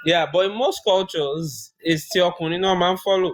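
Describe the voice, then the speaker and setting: A man with a Yoruba Nigerian accent, reasoning through his view in a measured way during a casual group discussion. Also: high-pitched. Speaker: discussion participant.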